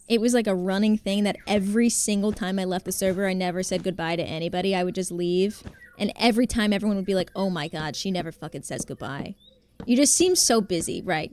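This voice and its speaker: A woman with a slightly high voice talks casually on a live gaming stream. She chats freely, laughs often and answers her chat as she plays. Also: slight background noise.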